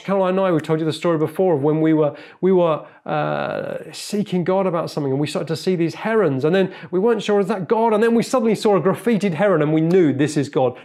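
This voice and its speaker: Earnest, high-voiced preacher. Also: male voice. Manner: earnest and animated, with frequent repeated words. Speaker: pastor. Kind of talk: sermon.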